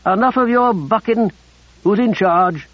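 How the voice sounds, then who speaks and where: A man voicing a steady young soldier in an audiobook, calling out firm commands with a raised voice. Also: high voice, measured pace, no room sound, lo-fi sound, voice pushed up. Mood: stern.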